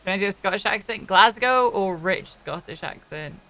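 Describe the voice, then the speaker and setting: A woman from South Wales chatting on a roleplay stream, animated and full of swearing. Her voice is bright and forceful. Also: medium pitch, moderate pace. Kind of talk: casual roleplay chat.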